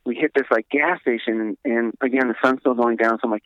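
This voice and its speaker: Man, podcast guest, casual rambling story, lots of swearing and fillers, mid-pitched voice, dry dull sound. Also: steady tone, quick pace, a bit bright, dry recording. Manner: rambling, profane, many fillers like "like".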